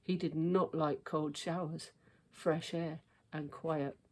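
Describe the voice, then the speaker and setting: A woman reads a children's storybook aloud with expressive, measured delivery. Her voice sits low and she moves along at an unhurried pace.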